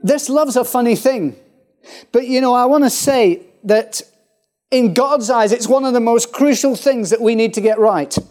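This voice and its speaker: A man preaching a sermon in a church, joking and laughing often, with halting fillers. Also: very high-pitched, darkish tone. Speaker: pastor. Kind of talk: humorous sermon.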